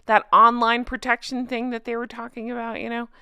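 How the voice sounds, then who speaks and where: A woman's voice: fairly high pitch, flat delivery, brisk, creaky, pushed and bright, clean tone, no echo, clean studio sound. A middle-aged woman hosting a commentary vlog, talking in a heated, indignant way and reading viewer comments aloud. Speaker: commentary channel host.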